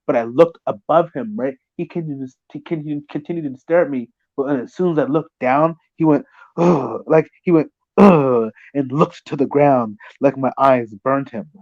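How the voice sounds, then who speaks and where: A man in a casual chat who tells animated, profane stories and acts out the people in them. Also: medium pitch, brisk, hardly any pauses, no room sound, lo-fi sound. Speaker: conversation partner.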